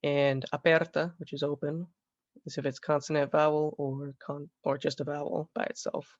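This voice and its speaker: A man teaching a slide lesson, explaining step by step in a halting way and often correcting himself. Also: a little high, no room sound, muffled recording. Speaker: Latin teacher.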